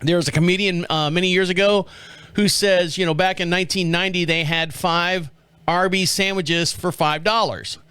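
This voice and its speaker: A man's voice: sits high, fairly even intonation, normal speed, bright, forceful tone, smooth, dry recording. A middle-aged man from the States, hosting a podcast in a rambling, joking way and chuckling often. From southern United States. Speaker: podcast host. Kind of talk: casual chat.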